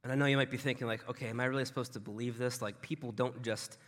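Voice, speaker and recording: A man preaching a sermon in a loose, conversational way, often dropping his voice low and soft for emphasis. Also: steady tone, rapid-fire, in a large hall. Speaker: pastor.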